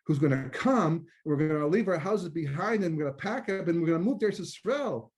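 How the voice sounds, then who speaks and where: A man voicing a frightened, simple Jewish husband in a told joke, fretting in a rising pitch. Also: lively intonation, fairly quick, darkish tone, husky. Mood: alarmed. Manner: anxious, fretful, rising pitch.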